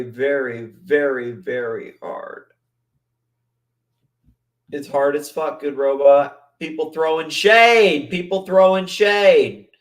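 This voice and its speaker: Slow-talking profane male streamer. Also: medium pitch, a little mellow. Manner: profane, rambling, mimics voices. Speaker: livestream host. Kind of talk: casual livestream chat.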